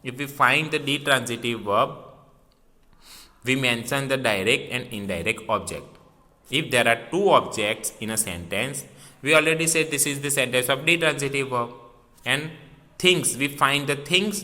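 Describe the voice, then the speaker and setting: A man's voice: medium pitch, moderate pace, pushed and bright. A man teaching a grammar lesson, repeating key words and asking and answering his own questions. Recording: long reverb in a hall.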